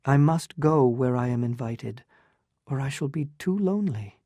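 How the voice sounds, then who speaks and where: A woman's voice: rumbling low, animated, moderate pace, mellow, no echo, studio quality. A narrator voicing a proud, wounded young woman in love, pleading and emotional in a storybook reading.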